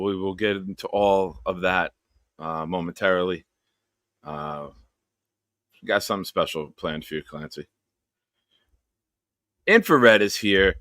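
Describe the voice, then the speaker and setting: Male stream host, bright tone, dry close mic, playful roll-call delivery. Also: low-pitched, dry recording. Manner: jokey, upbeat roll call of viewers. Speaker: show host. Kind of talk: casual live-stream chat.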